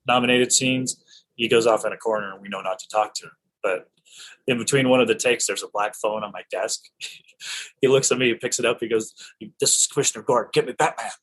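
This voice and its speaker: A middle-aged man from Idaho, an actor telling stories in an interview, enthusiastic and animated with frequent restarts. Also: fairly low pitch, fairly quick, low-quality recording. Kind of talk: casual storytelling in an interview.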